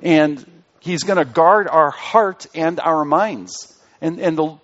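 A man's voice: on the high side, takes it slowly, a bit bright. A male pastor giving an interactive sermon, asking the congregation questions and repeating key phrases. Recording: dull lo-fi recording.

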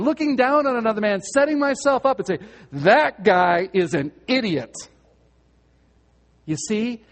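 Male pastor, earnest sermon delivery, questions the congregation, slightly high voice, reverberant hall. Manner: earnest, direct questions to listeners, repeats words.

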